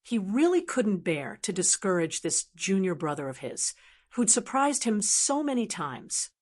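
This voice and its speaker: A woman's voice: medium pitch, sing-song, a little slow. Woman narrating a fantasy audiobook. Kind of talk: scripted narration.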